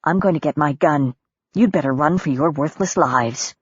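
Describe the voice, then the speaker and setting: A woman narrator voicing a hot-tempered woman who shouts and swears at intruders on her property. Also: low-pitched, normal speed, husky, dry recording, highs cut off. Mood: cold menace.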